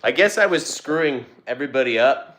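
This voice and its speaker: A young man hosts a relaxed livestream from his home, talking into a phone on a tripod. His speech wanders, with fillers and restarts, and his pitch swings up and down a lot while sitting in a middling range. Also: a little fast. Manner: loose, rambling, with fillers and restarts. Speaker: livestream host and dog owner. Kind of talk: casual livestream chat. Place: home, with dogs nearby. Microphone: phone on a tripod, vertical stream.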